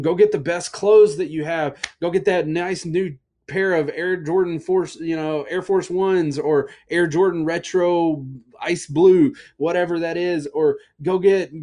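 A man's voice: on the high side, measured pace, pitched above the performer's own voice, natural voice. A man playing an overjoyed father calling out orders. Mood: jubilant. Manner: excited, shouting orders to servants. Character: overjoyed father welcoming his son home.

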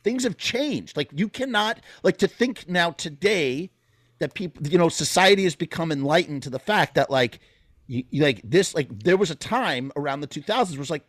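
A man's voice: a little high, expressive, moderate pace, dry recording, studio quality. A man in his thirties on a casual podcast, rambling emphatically and swearing freely as he tells a story. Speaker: podcast co-host.

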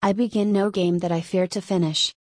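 A frowning, outspoken baron, voiced by a woman narrating the story, answers in a slow, growling, defiant way. His voice sits at an ordinary middle pitch. The recording is close and dry. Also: fairly even intonation, a little mellow, dry recording, close to an everyday voice. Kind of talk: audiobook reading.

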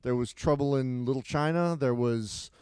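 A middle-aged man co-hosting a casual podcast chat, animated and rambling, with lots of restarts. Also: medium pitch, normal speed, smooth, dry recording. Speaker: podcast co-host.

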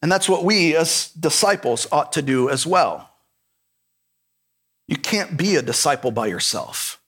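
A man's voice: fairly high pitch, big pitch swings, a little slow, fairly bright tone, breathy edge. A male pastor preaching a sermon in an earnest, emphatic way, repeating his key points.

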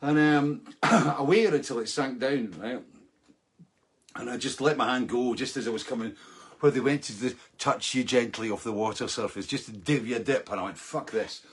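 A man's voice: mid-range voice, moderate pace, breathy edge. A man casually telling a rambling, self-mocking anecdote, peppering it with "right?" and chuckles. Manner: rambling, self-mocking, laughs through the story, fillers like right. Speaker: storyteller.

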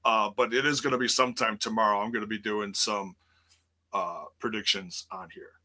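A man hosting a casual live-streamed wrestling news show, rambling with lots of fillers, quick self-corrections and jokes. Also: on the low side, steady tone, sharp tone.

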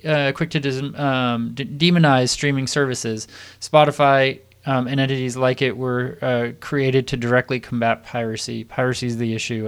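A man's voice: medium pitch, smooth. A man hosting a music podcast, reading music news stories aloud with frequent "uh" and restarts. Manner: reads stories with hesitant fillers. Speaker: podcast host. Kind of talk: casual chat and reading news.

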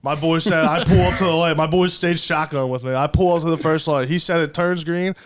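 A man's voice: a little high, fairly even intonation, fairly quick, soft background music. A young man co-hosting a podcast, telling a rambling story in loose slang with heavy swearing. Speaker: podcast co-host. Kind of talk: casual storytelling chat.

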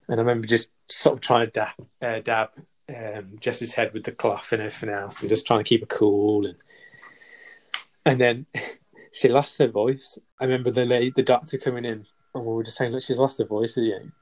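A young man chats on a podcast, telling a long story in a loose, rambling way. He restarts often and laughs between thoughts. His voice sits at an ordinary middle pitch. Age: young adult. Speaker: podcast co-host. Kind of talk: casual chat.

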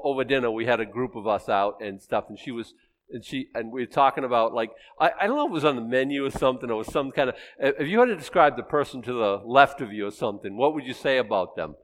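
A man's voice: mid-range voice, a bit bright. A man in his sixties giving a conversational sermon as pastor, chatting with the congregation and poking fun at himself. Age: 60s. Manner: chatty, asks the congregation questions, self-teasing.

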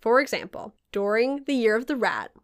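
A woman with a fairly high voice hosts a casual podcast chat and tells stories in an animated way. She swears freely, and her pitch leaps when she gets excited. Her throat sounds a little sore. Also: moderate pace, clear, resonant tone. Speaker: podcast host.

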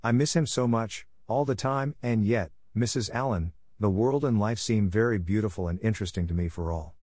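A man's voice: lowish voice, moderate pace, darkish tone, no echo, clean studio sound, natural voice. A man reading aloud voices a grieving, earnest orphan girl in a raised voice. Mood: wistful.

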